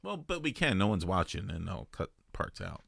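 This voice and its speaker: A man hosts a casual podcast in a low voice that swings up and down a lot. He rambles into jokey tangents. The sound is dry and close. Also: very animated, moderate pace, vocal fry, a bit bright, breathy edge, no echo. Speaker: podcast host.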